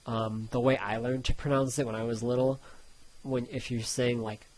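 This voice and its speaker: A man's voice: mid-range voice, flat delivery, moderate pace, a little mellow, low-quality recording. A man tutoring Italian pronunciation, reading each word twice between loose, casual explanations. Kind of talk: pronunciation lesson.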